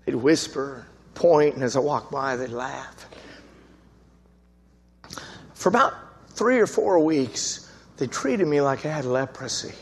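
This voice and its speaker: A man preaching, telling his testimony as a lively story, acting out the voices of the people in it. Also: mid-range voice, slow pace, pauses often, breathy edge, long reverb tail. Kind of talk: storytelling sermon.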